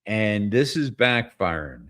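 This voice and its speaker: Slow, chuckling male commentary host. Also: fairly low pitch, very animated, fairly bright tone. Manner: rambling, chuckling often, blunt and profane. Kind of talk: casual political commentary.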